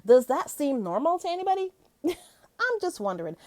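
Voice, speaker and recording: A woman talking straight to her viewers in a lively reaction vlog. Her voice sits high and leaps up and down through each sentence, and she laughs easily between long, rhetorical questions. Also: normal speed. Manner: animated, chatty, laughs often, rhetorical questions. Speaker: vlogger. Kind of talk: casual reaction commentary.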